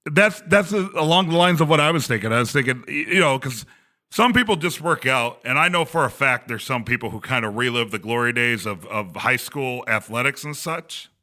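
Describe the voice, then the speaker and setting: A man's voice: mid-range voice, expressive, fairly quick, sharp tone. A man in his thirties, a podcast host telling a rambling story and laughing often, speaking from a glass conference room. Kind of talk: casual chat.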